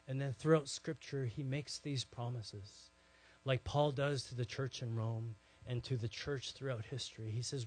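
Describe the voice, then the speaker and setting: Male pastor, sermon storyteller, mid-range voice, animated then soft. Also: medium pitch, moderate pace. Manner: animated storytelling, acts out quoted voices, then quiet and earnest.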